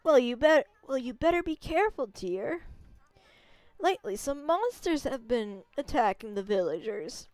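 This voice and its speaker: A kindly old grandmother from a video game fusses and frets in a folksy Southern drawl, as a woman puts her on. The voice sits high and smooth, recorded close and dry with no room around it. She dotes on everyone she talks to. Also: big pitch swings, normal speed, no room sound. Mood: doting fretful. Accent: put-on Southern US drawl. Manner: folksy, fretful, gently doting. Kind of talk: voicing game characters while streaming.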